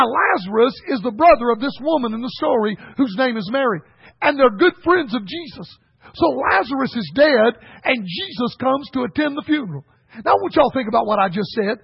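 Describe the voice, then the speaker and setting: A man preaching a folksy sermon that rises to shouted emphasis. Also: extremely high pitch, creaky, breathy edge, no echo, highs cut off.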